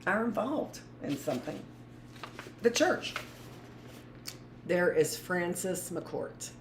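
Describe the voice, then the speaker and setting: A woman's voice: fairly low pitch, big pitch swings, takes it slowly. Blunt woman reading aloud, roomy echo. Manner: rambling, blunt asides between read passages. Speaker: teacher reading aloud to a live class. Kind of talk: live book reading with commentary. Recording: echoey room with faint noise.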